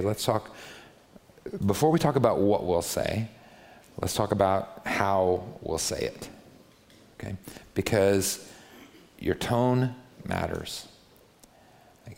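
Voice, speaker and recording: A middle-aged man preaching a sermon in a church, conversational and animated, jumping up into a higher voice to make his points. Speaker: pastor. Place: church sanctuary.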